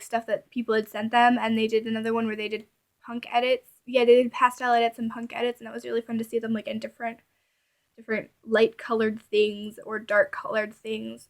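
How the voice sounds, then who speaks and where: A woman's voice: on the high side, creaky. A young woman vlogging in a rambling, casual chat full of filler words.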